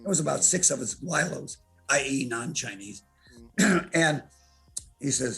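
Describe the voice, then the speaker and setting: A man's voice: medium pitch, a little slow, soft background music. A man in his eighties telling brash, profane stories as a podcast interview guest. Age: 80s. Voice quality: gravelly, husky voice. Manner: brash, profane, animated storyteller. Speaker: interview guest, martial artist.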